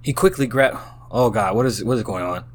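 A man's voice: lowish voice, brisk, a little hiss or hum. Tipsy man reading aloud, baffled outbursts. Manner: reads story lines aloud, then breaks off into baffled exclamations. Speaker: host reading out an AI-written story. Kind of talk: casual reading aloud with running commentary.

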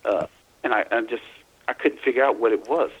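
A man from Louisiana, a guest in a casual phone interview, telling his story in a halting way full of restarts and repeats. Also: mid-range voice, husky, dull audio.

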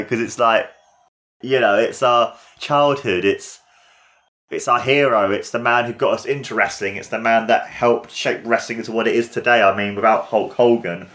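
A man hosting a casual podcast, talking viewers through a match he loves with excitable, gushing commentary full of "like" and "you know". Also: on the low side. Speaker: podcast host.

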